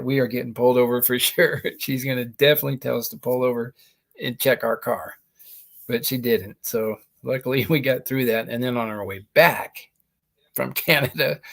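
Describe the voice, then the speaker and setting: A man with a gravelly, mid-pitched voice hosts a comedy show, rambling through stand-up stories and laughing at his own punchlines. He talks into a laptop microphone. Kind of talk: stand-up style monologue.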